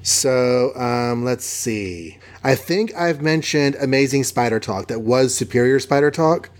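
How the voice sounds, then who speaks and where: A man's voice: medium pitch, expressive, unhurried. A man co-hosting a podcast in casual chat, talking with lots of ums. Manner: chatty, many ums, slips into acted voices. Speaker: podcast co-host.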